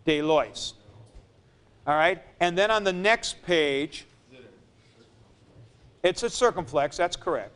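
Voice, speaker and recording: A man teaching a Greek grammar lesson in a classroom, spelling out word forms deliberately, syllable by syllable. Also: high voice, lively intonation, a bit bright, clean tone. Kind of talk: classroom lecture.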